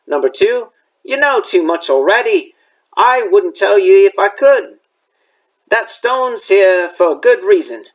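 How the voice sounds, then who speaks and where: Man doing a big gruff groundskeeper, rustic dialect, blunt, lively pitch, storybook reading. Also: a little slow, low-quality recording. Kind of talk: reading a chapter book aloud.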